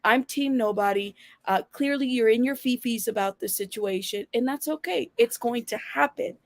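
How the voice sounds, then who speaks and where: A woman's voice: fairly high pitch, moderate pace, no room sound. Blunt, sassy woman host with a dry sound. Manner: blunt, sassy, addresses viewers directly. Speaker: channel host. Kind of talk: casual livestream commentary.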